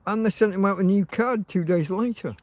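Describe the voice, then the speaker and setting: A man's voice: high-pitched, a little fast, darkish tone, dry recording. A man hosting a casual livestream, rambling, laughing often and swearing. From Britain. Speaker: livestream host.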